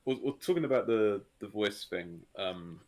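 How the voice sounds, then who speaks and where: A man's voice: fairly low pitch, lively intonation, moderate pace, darkish tone. A British man chatting as a guest, easygoing and soothing to listen to. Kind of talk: casual podcast chat.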